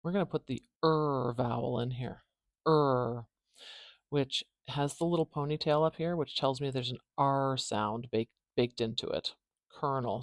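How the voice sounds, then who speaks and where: A woman with a North American accent hosting a phonetics lesson, explaining clearly and modeling pronunciations aloud. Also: very deep voice, darkish tone, dry recording, clean studio sound. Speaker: phonetics teacher, channel host.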